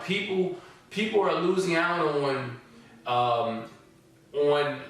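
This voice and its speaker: A man's voice: fairly high pitch, fairly bright tone, very echoey, distant mic, poor audio. A man teaching a forex trading course. He reads student testimonials aloud and comments on them in a casual, repetitive way, often checking in with "all right?" and "okay?".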